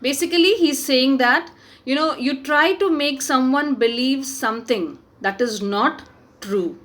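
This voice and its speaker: A woman's voice: sits high, unhurried, fairly bright tone. A woman teacher explaining a play, repeating points and checking with "okay". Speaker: English teacher. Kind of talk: explaining a play in an online lesson.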